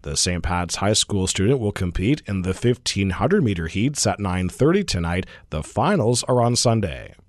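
A man reading a scripted radio sports update in a brisk, even way. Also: fairly low pitch, dry recording, studio quality. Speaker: sports reporter.

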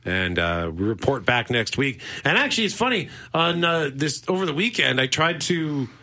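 A middle-aged man co-hosting a laid-back movie podcast, his voice bright and forward. He rambles through his thoughts with restarts and frequent laughter. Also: medium pitch, very animated, normal speed, vocal fry. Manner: chatty, rambling, laughs often. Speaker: podcast co-host. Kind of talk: casual chat about movies.

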